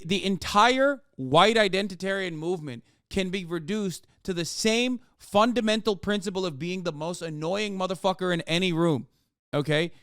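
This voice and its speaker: A streamer man rants in exasperated, profane bursts of live reaction commentary. His voice is smooth, resonant and a touch high. He sounds close and dry, with no room around him. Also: a bit bright, dry recording.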